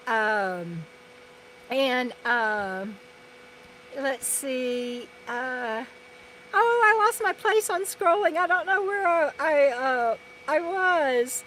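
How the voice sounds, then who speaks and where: Woman, RV vlogger, light high voice, rambling live chat, faint noise behind. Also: expressive, drawn-out words, fairly bright tone, poor audio. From Texas. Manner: rambling and chatty, many restarts and fillers. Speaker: RV lifestyle vlogger. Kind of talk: live stream chat reading viewer comments.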